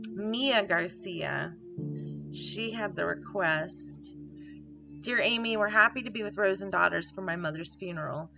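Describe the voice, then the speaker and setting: A woman's voice: mid-range voice, vocal fry. A woman giving casual gameplay commentary, reading on-screen emails aloud and adding offhand asides. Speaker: let's play gamer. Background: game music.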